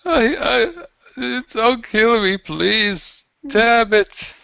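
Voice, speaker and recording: Man as cowering wounded soldier, high panicky whine, dry lo-fi tabletop take. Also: animated, measured pace, sharp tone, no echo, full character voice. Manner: panicky, whimpering, exasperated pleading. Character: terrified wounded male enemy soldier, whiny. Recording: dull lo-fi dry recording.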